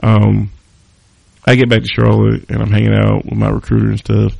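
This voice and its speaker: A man's voice: on the low side, completely flat delivery, normal speed, vocal fry, a little mellow, no echo. A man hosting a podcast, telling a personal story casually with loose, profane talk and lots of fillers. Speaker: podcast host. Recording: dry close studio sound.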